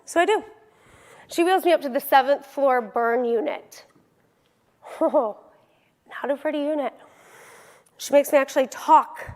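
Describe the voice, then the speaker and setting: A woman's voice: fairly high pitch, long reverb tail. Woman telling a story on a keynote stage. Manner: vivid personal storytelling, acting out quoted dialogue. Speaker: motivational keynote speaker.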